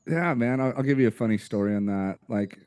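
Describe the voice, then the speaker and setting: A young American man, a podcast guest, telling stories in a slangy, energetic, casual way. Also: mid-range voice, fairly quick, clear, resonant tone. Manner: energetic, slangy storyteller, says "dude" a lot. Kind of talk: casual interview chat.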